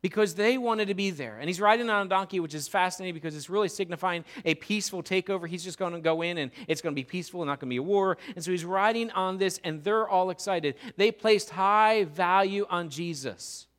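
Male pastor, high-pitched, animated sermon storyteller. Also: fairly quick, hardly any pauses. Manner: animated storytelling, acts out crowd voices.

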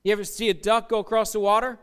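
High-voiced male preacher, animated. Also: quick pace, clear, resonant tone. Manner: animated, acts out quotes in character voices. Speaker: pastor. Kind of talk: sermon.

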